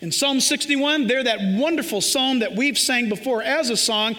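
This preacher's voice is extremely high and sharp, moving at a moderate pace with few pauses. He's a pastor from Southern California giving a sermon in a reverberant hall, emphatic and conversational, playing out little scenes as he speaks.

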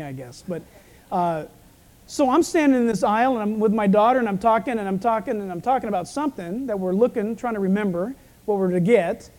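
Male pastor, croaky frog-like voice, warm low tone, preaches with casual anecdotes. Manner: storytelling preacher with self-deprecating asides. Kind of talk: sermon.

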